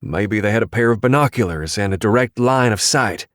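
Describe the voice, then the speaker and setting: A terse tactical cop gives clipped, commanding orders in a grim tone, played by a male audiobook narrator. The voice sits low. The recording is dry and close. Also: expressive, fairly quick, a bit bright, dry recording. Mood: urgent. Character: tough, terse male tactical police officer. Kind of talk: audiobook dialogue.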